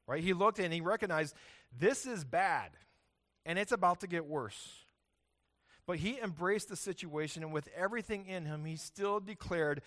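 A man's voice: fairly high pitch, a bit bright. A man preaching a sermon to a congregation, emphatic and earnest, often checking in with "right?". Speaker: pastor. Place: church hall with congregation.

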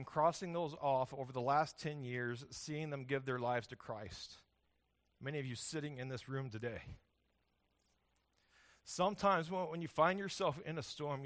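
A man's voice: fairly high pitch, fairly bright tone. A man preaching a sermon to a congregation, emphatic and earnest, often checking in with "right?". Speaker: pastor. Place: church hall with congregation.

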